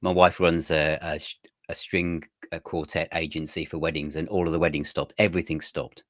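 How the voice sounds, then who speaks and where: A man, a magazine editor, chatting as an interview guest and telling his story in a relaxed, rambling way. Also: very deep voice, fairly quick, no room sound, clean studio sound. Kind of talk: casual interview chat.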